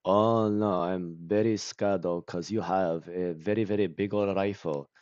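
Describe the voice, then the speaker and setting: A man putting on a halting Japanese accent in broken English, sounding mock-scared. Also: low voice, fairly even intonation, a little mellow, smooth, dry recording, muffled recording. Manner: halting, exaggerated, frightened.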